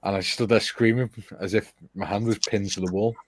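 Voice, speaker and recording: Hosting a relaxed model-building conversation, a man tells a meandering anecdote, often laughing mid-story and restarting himself. His voice is fairly low and steady in tone, and he speaks briskly.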